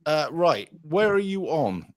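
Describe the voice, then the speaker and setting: A man's voice: a little high, big pitch swings, slow, dry recording, clean studio sound. A man hosting a casual livestream chat, rambling and swearing as he talks. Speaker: livestream host.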